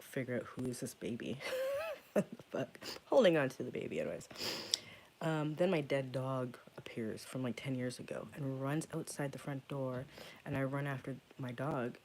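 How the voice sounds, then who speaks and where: A man talks straight to camera in a loose, rambling vlog, swearing freely as he goes. His voice sits at an ordinary middle pitch and keeps slipping into a hushed whisper. A faint hiss of noise runs under the recording. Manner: profane, rambling, often drops to a hushed whisper. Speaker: occult channel host. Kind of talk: casual vlog storytelling.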